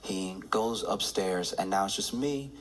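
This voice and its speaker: A man performing a stand-up comedy routine, telling a story with restarts and climbing into excited laughter. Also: deep voice, unhurried, a little hiss or hum.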